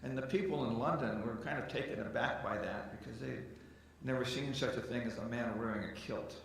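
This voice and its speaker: A man's voice: mid-range voice, fairly quick, gravelly, distant mic, a little hiss or hum. Chatty man telling stories on stage. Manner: chatty, joking with the audience. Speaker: folk musician and storyteller. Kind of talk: on-stage storytelling between songs. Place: arts center stage, live concert. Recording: echoey hall, mic from afar. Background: guitar music.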